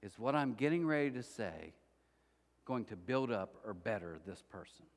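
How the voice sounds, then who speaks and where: A man's voice: fairly low pitch, expressive, moderate pace, in a large hall. A male pastor preaching a sermon, telling a story animatedly and acting out the voices of the people in it. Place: church auditorium.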